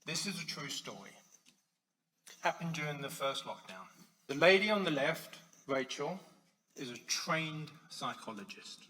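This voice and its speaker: A man speaking as a conference speaker, telling stories to an audience and swinging between loud stressed lines and soft quiet ones. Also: on the high side, animated, measured pace, a little hiss or hum, rough recording. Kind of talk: public talk to an audience.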